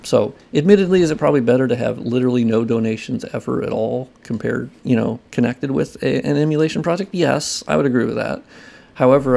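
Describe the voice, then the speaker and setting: A man with a strongly gravelly, fry-laden voice at a middle pitch rants casually to his viewers. He talks loosely and heatedly, swearing freely as a modder giving commentary. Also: mellow. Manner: loose, ranting, profane, heated. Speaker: modder and video creator. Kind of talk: casual talking-head commentary.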